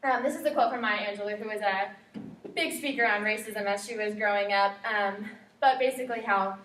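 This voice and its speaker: A woman's voice: medium pitch, a little fast, a bit bright. A young woman giving a chatty classroom presentation, with lots of fillers and quotes she acts out. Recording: echoey room from far off, faint hiss.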